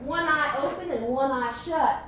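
A woman's voice: high voice, unhurried. A woman telling a folk tale together with a partner, drawn out and dramatic, in an echoey, distant live recording with noise. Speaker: storyteller. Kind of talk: tandem folk storytelling.

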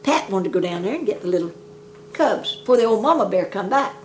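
A woman's voice: mid-range voice, lively intonation, quick pace, darkish tone, slight background noise. An older woman telling folk jokes in a rambling, folksy dialect. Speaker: storyteller.

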